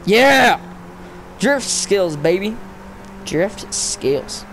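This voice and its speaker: A high-pitched young guy talks at normal speed through his racing game, commenting casually to the game and to himself. He's excitable, slips into "dude" and "bro" slang, and flares up into frustrated yells. A slight hiss or hum can be heard.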